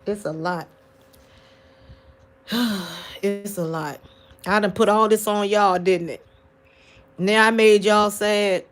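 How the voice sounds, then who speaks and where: Woman, livestream vlogger, grieving, tearful, halting restarts, close phone mic. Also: mid-range voice, steady tone, a little hiss or hum. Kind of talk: late-night livestream talk to viewers.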